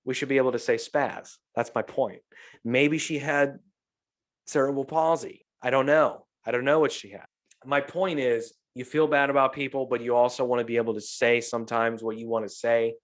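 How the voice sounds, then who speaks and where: This middle-aged podcast host talks at a normal speed in a mid-range voice, recounting stories conversationally. He's animated, swears liberally, and acts out what people said.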